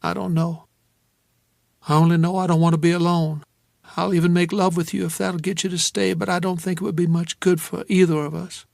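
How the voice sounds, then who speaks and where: A man voicing an anxious, tender young woman in a soft, quiet, intimate way, for an audiobook. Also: high-pitched, flat delivery, fairly quick, gravelly, no room sound, clean studio sound.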